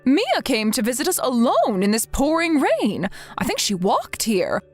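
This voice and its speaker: A woman's voice: sits high, huge pitch swings, unhurried, exaggerated voice. A woman reading the lines of a worried mother-in-law who scolds her son, in a scripted text-message story. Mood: concerned. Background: faint background music.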